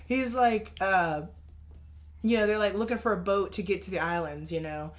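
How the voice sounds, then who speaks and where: A woman's voice: medium pitch, moderate pace. A woman co-hosting a podcast in casual chat, laid-back and laughing often. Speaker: podcast co-host.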